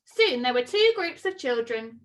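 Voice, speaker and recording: A woman reading a children's story aloud with expressive, sing-song storytelling. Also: sits high, moderate pace.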